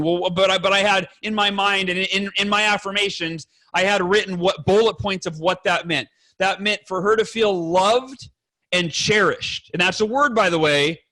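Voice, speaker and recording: A man's voice: high-pitched, pushed and bright, low-quality recording. A man speaking as a guest on a podcast, earnest and emphatic, talking bluntly with fellow fathers and swearing now and then. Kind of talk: candid podcast conversation.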